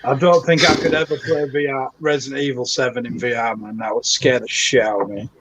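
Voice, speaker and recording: A man's voice: medium pitch, fairly even intonation, fairly quick, fairly bright tone, breathy edge. A man co-hosting a gaming stream, chatting casually and eager to chip in. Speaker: stream co-host. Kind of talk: casual chat.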